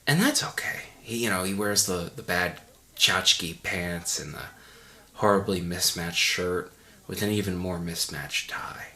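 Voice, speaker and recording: A man's voice: deep voice, steady tone, unhurried, bright, forceful tone. A man giving a mock audio commentary in a pompous, condescending, rambling way. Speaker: commentary host.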